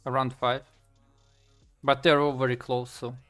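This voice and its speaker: A man's voice: medium pitch, little pitch movement, a bit bright, faint music behind. Man, streaming while coding. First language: Slovak. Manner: halting, many fillers and restarts, thinking aloud. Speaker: game developer streaming. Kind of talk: casual live-stream chat while coding.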